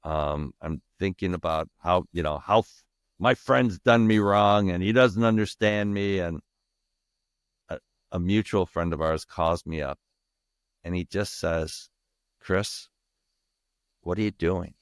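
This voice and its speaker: Deep-voiced man telling a raw story. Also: measured pace, clean tone, dry recording, clean studio sound. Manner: emphatic and raw, swearing, restarting sentences. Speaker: podcast guest. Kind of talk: candid personal storytelling in interview.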